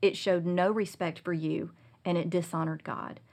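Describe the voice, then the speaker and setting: A middle-aged woman telling a personal parenting story as a guest, earnest and confessional, growing animated when she retells scenes. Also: lowish voice, normal speed. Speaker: guest speaker on Christian parenting.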